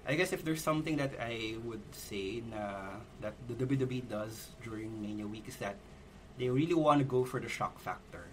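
A man with a Filipino accent, a podcast guest telling stories in relaxed chat, mixing English and Filipino, with some swearing. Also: mid-range voice, moderate pace, noisy background. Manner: switching between English and Filipino, laid-back storytelling with profanity. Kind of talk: casual chat.

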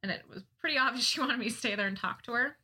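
A young woman casually telling a funny personal story, often laughing at herself in a self-mocking, animated way. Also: fairly high pitch, fast talker, breathy edge.

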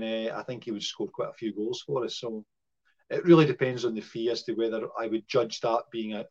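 A man's voice: mid-range voice, a little mellow. Hesitant man, muffled audio. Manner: hesitant, lots of fillers and restarts. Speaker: podcast co-host. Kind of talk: casual football chat.

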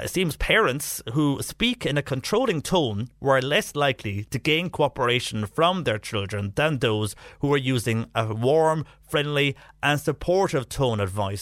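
A man's voice: mid-range voice, no room sound. Irish male radio host, dry studio sound. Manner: steady, conversational, frequent "uh" fillers. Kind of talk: radio news and talk presenting. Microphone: studio microphone.

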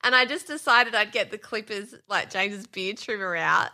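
A woman's voice: mid-range voice, moderate pace, vocal fry, bright, forceful tone. A woman, co-hosting a casual chat, teasing her husband and laughing often as she tells a story. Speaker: podcast co-host.

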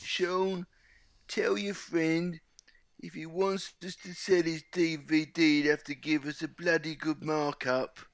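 A man's voice: on the high side, flat delivery, slow, dry recording, voice pushed up. A man putting on an impression of a blunt older businessman who owns a football club and haggles over money. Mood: gruff.

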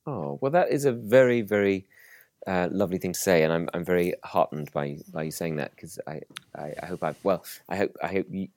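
A man's voice: low voice, fairly quick, darkish tone, no room sound, studio quality. A British man, an author and comedian, guesting on a podcast and talking in a thoughtful, self-deprecating, hesitant way.

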